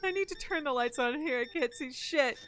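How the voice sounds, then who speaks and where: A woman live-streaming from home, chatting in a self-mocking way as she plays and sometimes yelling loudly at the customers in the game. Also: high-pitched, a little fast, soft background music. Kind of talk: casual live-stream commentary while gaming.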